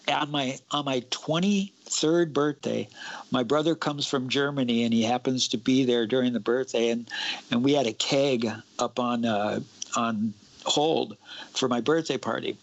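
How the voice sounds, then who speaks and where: A man's voice: medium pitch, creaky, rough recording. A young man on a talk show, telling a personal ghost experience in a casual, suspenseful way. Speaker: guest. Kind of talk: casual storytelling.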